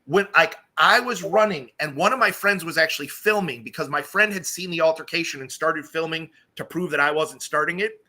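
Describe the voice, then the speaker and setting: A man hosts a casual live-stream chat. His voice is very bright and a little high. He tells stories in an animated way and puts on voices for the people he quotes. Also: fairly quick, few pauses. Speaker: streamer host.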